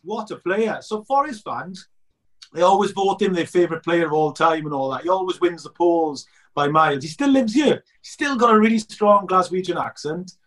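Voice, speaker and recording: A man's voice: high voice, moderate pace, recorded from a distance. A man, a documentary filmmaker chatting and telling football stories with lots of laughs. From Scotland. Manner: animated storyteller, laughs often. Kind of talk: casual chat.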